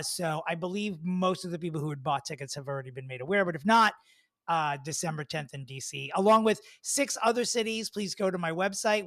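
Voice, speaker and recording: A man who is a comedian and podcast co-host, telling stories in an animated, rambling way and swearing freely. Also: fairly high pitch, no room sound, studio quality. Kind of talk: casual chat.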